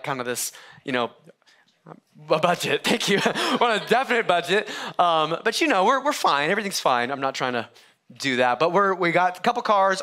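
A male pastor delivers a sermon in a church with a fairly high, bright, forceful voice. He tells his story in a casual, joking way, often stopping and restarting. His tone stays friendly and chatty from the pulpit. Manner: conversational, self-interrupting storytelling with humor. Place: church sanctuary.

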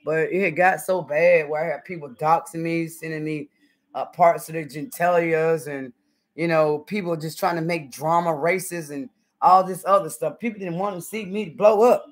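A woman's voice: deep voice, steady tone, moderate pace, poor audio. Sassy, blunt Southern woman, middle-aged. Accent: Southern American. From southern United States. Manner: sassy, blunt, lots of cussing. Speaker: YouTuber. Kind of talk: casual live-stream chat. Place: home kitchen, cooking.

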